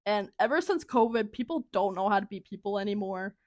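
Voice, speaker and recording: A woman's voice: medium pitch, animated, a little fast, a little mellow, dry recording, clean studio sound. A young woman co-hosting a casual chat, talkative and laughing often. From Minnesota, USA. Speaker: podcast co-host.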